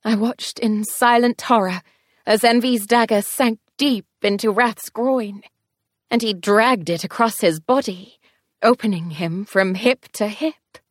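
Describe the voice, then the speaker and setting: A woman reads a first-person fantasy story aloud in an even mid-range voice. Her telling is expressive, speeding and slowing with the action, and the sound is close and dry with no room around it. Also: medium pitch, no room sound. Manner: expressive, tense storytelling pace shifts. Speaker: audiobook narrator.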